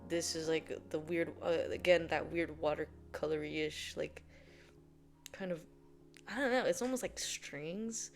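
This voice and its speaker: A woman chatting casually as she explains things to her viewers, rambling through fillers and laughing often. Her voice sits a little low, with faint music in the background. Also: measured pace. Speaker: video host.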